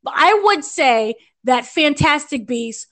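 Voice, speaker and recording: Speaking slowly in a high-pitched, slightly bright voice, a young American entertainment editor reviews a film for a podcast. She gushes and rambles, often restarting and using fillers.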